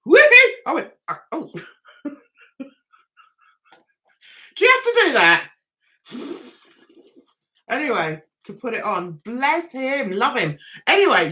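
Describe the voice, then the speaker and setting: Middle-aged woman, livestream host, high and lively, bright tone, giggly and chatty. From England. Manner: giggly, chatty storyteller, laughs often. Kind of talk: casual livestream chat.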